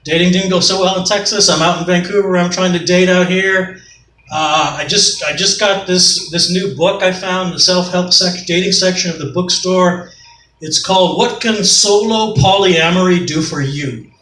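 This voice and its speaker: A man's voice: high voice, fairly even intonation, normal speed, a bit bright. A middle-aged man from Canada doing a rambling, profane, self-mocking stand-up comedy set on a club stage. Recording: echoey club, mic far off, faint noise.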